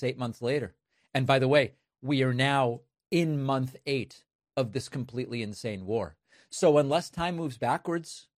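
A man's voice: mid-range voice, dry recording, studio quality. Sardonic man hosting political commentary. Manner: emphatic and sardonic. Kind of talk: opinion commentary.

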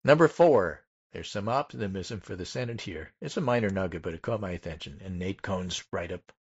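Low-voiced man reading poll numbers. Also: lively intonation, breathy edge, dull audio. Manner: methodical, pauses to stress numbers. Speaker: political podcast host. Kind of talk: casual political chat, reading poll findings.

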